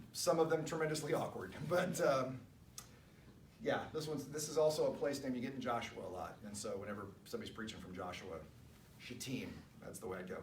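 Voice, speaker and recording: A man leading a church Bible study, reading scripture and adding conversational, wry asides with chuckles. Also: mid-range voice. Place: church room. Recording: echoey room, distant mic, faint noise.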